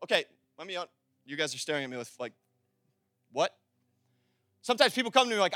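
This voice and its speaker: A man's voice: a little high, sing-song, quick pace, long pauses, pushed and bright, dry recording, studio quality. A young adult man preaching a sermon in a conversational way, acting out little dialogues and building to fervent exhortation. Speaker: pastor.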